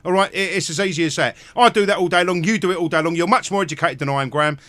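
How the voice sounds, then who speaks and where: A man hosting a live stream, ranting angrily with heavy swearing and bursts of shouting. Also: on the high side, very fast, no room sound. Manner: angry, profane, shouting in bursts. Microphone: close mic at home.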